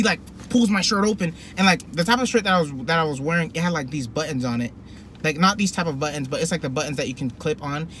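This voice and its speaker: High-voiced young man telling a story. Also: slight background noise. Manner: rambling and animated, full of "like" and restarts. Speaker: vlogger. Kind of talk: casual storytelling.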